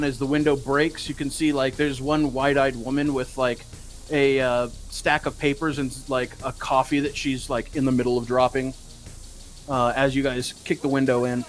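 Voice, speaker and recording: Rambling man running a tabletop game. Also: medium pitch. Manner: rambling, many fillers. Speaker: game master.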